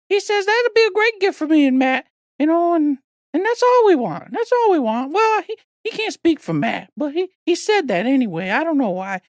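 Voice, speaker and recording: A squeaky chatty Christmas elf. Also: male voice, no echo. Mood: chatty, grumbling. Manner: rambling, folksy, pleading. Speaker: podcast host. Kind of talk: comic character bit on a podcast.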